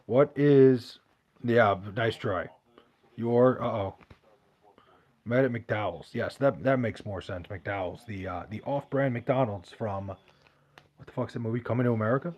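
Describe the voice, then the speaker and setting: A man's voice: medium pitch, measured pace, a little mellow, lo-fi sound. Profane rambling New guy. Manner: rambling, profane, restarts a lot. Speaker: podcast host reading live chat. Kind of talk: casual chat.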